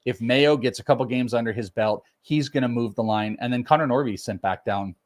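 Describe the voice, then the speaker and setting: A man's voice: mid-range voice, fairly quick. Chatty man giving prospect updates. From United States. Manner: chatty, self-deprecating. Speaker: podcast co-host, prospect analyst. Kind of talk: casual fantasy baseball chat.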